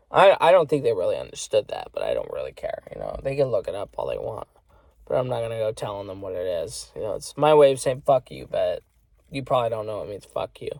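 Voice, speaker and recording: A man in a casual vlog rant, talking at an ordinary middle pitch. He rambles and swears freely, filling every pause with "you know". The sound is dry and close, with no room echo. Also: darkish tone. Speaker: vlogger.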